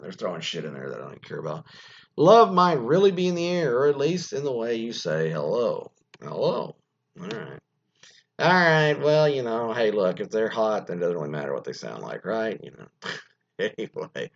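A man's voice: mid-range voice, slightly rough, dull audio. A man hosting a radio show, chatting casually and rambling with lots of fillers and restarts. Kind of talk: casual on-air chat.

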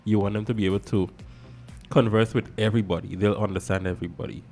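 Lower-voiced man. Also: steady tone, quick pace, darkish tone, faint music behind. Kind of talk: casual discussion.

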